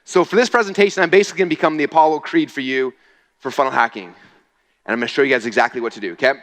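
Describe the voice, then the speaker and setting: A man giving an energetic, casual stage presentation to a live audience, often checking in with "okay?". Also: medium pitch, racing. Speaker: speaker at a marketing event. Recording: long reverb of a large hall.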